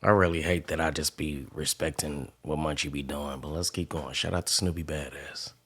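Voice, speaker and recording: A man's voice: a bass voice, steady tone, normal speed, a bit bright, husky. A man hosting a podcast, moderating the talk with dry, blunt interjections. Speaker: podcast host.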